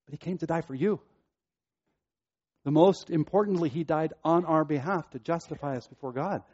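Pastor, male, higher voice, emphatic repetitive sermon delivery, dry and muffled. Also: no room sound. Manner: preaching with rising emphasis and repetition.

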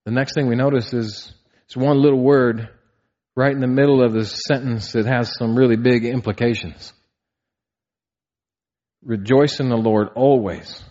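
A man's voice: medium pitch, fairly even intonation, measured pace, pauses often, mellow. A man in his thirties preaching a sermon, earnest, asking rhetorical questions and building to emphatic peaks. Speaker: pastor. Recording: slightly dull, muffled sound.

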